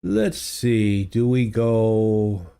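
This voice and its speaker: Guy streaming from his home studio, slow easygoing talk, kinda halting, thinking out loud. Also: lowish voice, fairly even intonation, smooth. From United States. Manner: musing aloud, halting and easygoing. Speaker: livestream host. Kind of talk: casual livestream chat while playing a geography game. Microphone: studio desk microphone.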